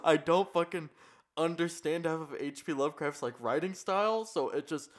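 A young man co-hosting a podcast casually retells a horror story, laughing as he goes and swearing freely in a slangy, profane style. His voice sits on the high side at a moderate pace, and his podcast mic has gain problems.

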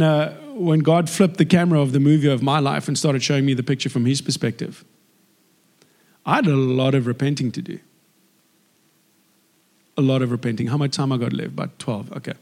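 A South African man sharing a personal testimony in an animated storytelling manner. His voice sits a bit high for a man, and he slips into acted dialogue as he goes. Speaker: actor giving a faith testimony.

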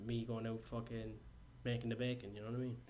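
A man's voice: mid-range voice, completely flat delivery, fast talker, a little mellow, a little hiss or hum. A man co-hosting a casual podcast with his wife, crude and jokey, swearing often. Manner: crude, swears a lot, joking. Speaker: podcast co-host. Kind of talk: casual chat. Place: university student housing.

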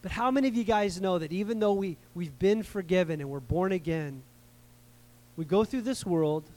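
Before his congregation, a pastor with a fairly high, slightly mellow voice delivers a sermon as though in conversation. He repeats key words to stress them and keeps checking in with the people in the pews.

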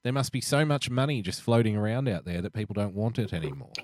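A man's voice: fairly low pitch, animated, quick pace, a little mellow, dry recording. A man co-hosting a podcast in casual chat, cracking dry jokes as banter. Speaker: podcast co-host.

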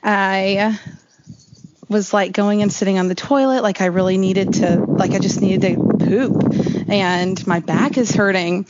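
As an interview guest, a woman tells a long personal story in a chatty, rambling way, leaning heavily on "like." Her mid-range voice is measured and fairly even, with a darkish tone, and the slightly dull lo-fi recording carries a little hiss or hum.

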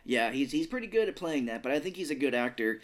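A man's voice: mid-range voice, sing-song, fast. A man with a Midwestern American accent, co-hosting a podcast and reviewing a movie in casual, rambling, self-deprecating chat. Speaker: podcast co-host.

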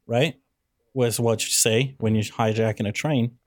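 A man's voice: mid-range voice, steady tone, measured pace, dry recording, studio quality. A man co-hosting a casual movie review chat, sarcastic and ranting as he picks apart a plot. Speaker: podcast co-host.

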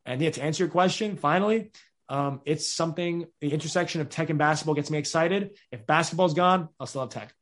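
A young man, answering interview questions in an energetic, rambling way with many restarts. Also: a little high, fast talker. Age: 20s. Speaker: podcast host being interviewed.

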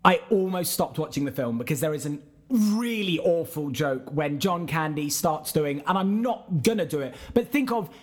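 A man's voice: fairly high pitch, expressive, moderate pace. A man co-hosting a casual film review chat, retelling scenes candidly and swearing freely. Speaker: podcast co-host.

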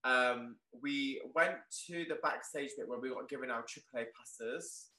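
A young man tells a story as an interview guest in a bright, ringing voice, excitable and leaning on "like" as he goes. The sound carries a roomy echo. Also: medium pitch, moderate pace. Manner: excitable, peppered with "like", animated retelling. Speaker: guest, clothing shop owner.

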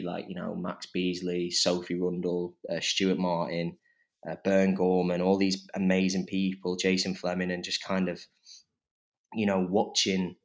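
A young man, an actor guest on a podcast, chatting enthusiastically with lots of fillers and laughter. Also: low voice. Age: young adult. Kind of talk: casual podcast chat.

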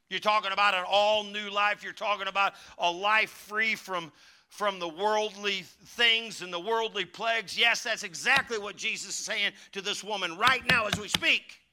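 A man's voice: sits high, measured pace, noisy background. A pastor preaching a sermon in a church, folksy and emphatic, building in fervor as he teaches. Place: church sanctuary.

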